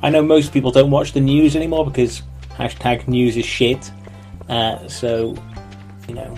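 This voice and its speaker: A man chatting casually while he plays a farming game on stream, rambling and greeting viewers by name. His voice sits at a middle pitch with a gravelly texture, and soft music plays behind him. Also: monotone, normal speed. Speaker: co-host of a gaming stream. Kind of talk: casual let's-play chat.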